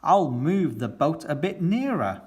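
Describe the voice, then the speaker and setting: A man playing a proud old grandfather pig boat captain, raised and loud, hearty and stubborn. He sounds sure of himself even when things go wrong. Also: on the high side, measured pace, husky, pitched above the performer's own voice, exaggerated voice.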